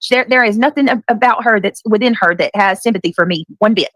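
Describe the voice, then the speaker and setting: A woman hosts a live stream and tells stories with dramatic energy. Her voice sits at a middle pitch and sounds dry and close to the mic. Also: fast talker, no echo. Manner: dramatic, animated storytelling.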